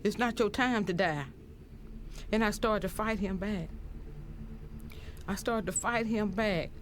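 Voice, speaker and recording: An older woman recounting her experience in documentary testimony, halting and repeating words as she goes. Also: mid-range voice, a little hiss or hum. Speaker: crime survivor interviewee.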